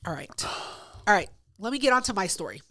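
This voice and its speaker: A woman's voice: mid-range voice, sing-song, fast, sharp tone, dry recording. A woman co-hosting a podcast, telling a story in a blunt, profane, casual way. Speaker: podcast co-host.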